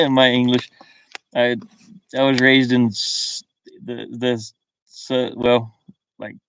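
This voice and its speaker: A man's voice: mid-range voice, flat delivery, slow pace, fairly bright tone, slight background noise. A man from the American South with a faint Southern drawl, chatting casually on a live stream from his van, reading viewer comments and chuckling often. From US South (Kentucky and Virginia). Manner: easygoing, chuckles often, thinks aloud.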